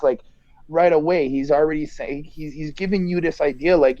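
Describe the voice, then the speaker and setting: Laid back podcast guy, warm low tone, muffled lo-fi mic, stumbles and restarts a lot. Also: normal speed, no room sound. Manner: relaxed, hesitant, lots of restarts. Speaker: podcast co-host. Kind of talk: casual album review chat.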